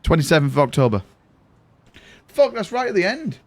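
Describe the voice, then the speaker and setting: A man's voice: high voice, sing-song, fairly quick, no room sound. A young man chatting casually with his live-stream audience from his room, rambling and swearing freely. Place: home room.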